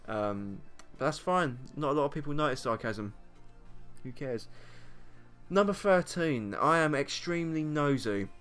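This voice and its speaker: This casual vlog monologue comes from a young adult YouTuber from Britain who chats to camera, meandering and self-deprecating, frequently breaking into laughter. He sounds a little high, expressive and smooth, with a fairly bright tone, keeping a measured pace over soft background music.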